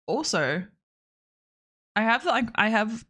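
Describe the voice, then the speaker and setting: A woman's voice: on the high side, sing-song, slow, fairly bright tone. An Australian woman streaming games, chatting casually in a rambling way and laughing often. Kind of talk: casual livestream chat.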